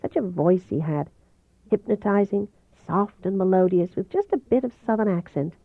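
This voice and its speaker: A woman narrates a novel in the first person with an even, steady delivery. Her voice sounds muffled and very dry, with no room echo. Her pitch sits in the middle of the usual range. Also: normal speed, creaky. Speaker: audiobook reader. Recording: dull, dry home recording.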